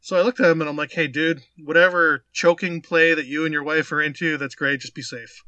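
A man with a voice on the high side talks quickly, casually telling a funny anecdote as a podcast co-host. He acts out quotes and swears freely. The recording is dry, with the highs cut off.

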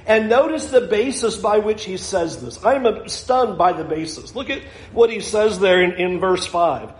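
A man preaching a sermon in an earnest, reflective way, sometimes chuckling softly as he explains scripture. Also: high-pitched, animated, moderate pace, few pauses. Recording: echoey room.

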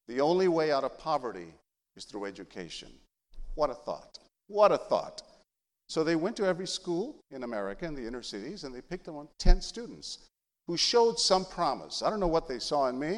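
A middle-aged man from San Antonio, Texas, a journalist giving a speech and telling his life story with humor and animation. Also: medium pitch. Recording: long hall reverb.

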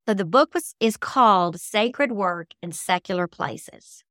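A woman's voice: mid-range voice, expressive, unhurried, fairly bright tone, no echo, clean studio sound. A middle-aged woman, a guest author, telling heartfelt faith-based stories in an interview with an earnest, emotional manner.

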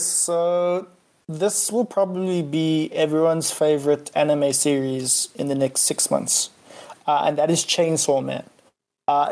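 A podcast panelist recommending an anime in a steady, informative casual chat with some fillers. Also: medium pitch.

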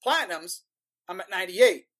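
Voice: medium pitch, animated, brisk, fairly bright tone. A man on a casual podcast, teasing the others. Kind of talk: casual chat.

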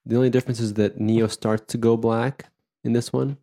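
A man's voice: mid-range voice, level tone, a little fast, warm tone. A man co-hosting a podcast in casual chat, laughing often and quoting film lines in a mock voice. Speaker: podcast co-host.

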